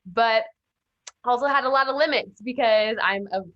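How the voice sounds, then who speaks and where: A young woman from Arkansas chats as a guest, her voice sitting a little high. She tells stories with animated energy and laughs often. The sound is dull and lo-fi. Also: moderate pace. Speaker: guest, self-defense instructor. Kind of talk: casual interview storytelling.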